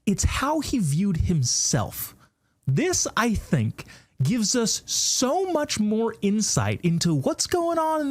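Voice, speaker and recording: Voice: medium pitch, big pitch swings, a little slow, darkish tone. A talk show host giving a sarcastic political commentary monologue, with mocking asides and a conversational delivery full of restarts.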